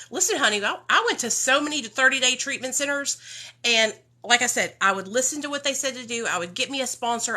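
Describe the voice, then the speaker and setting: Blunt emotional high bright woman streamer. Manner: blunt, swearing, talks straight to her viewers. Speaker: livestreamer in recovery. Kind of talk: emotional unscripted livestream talk.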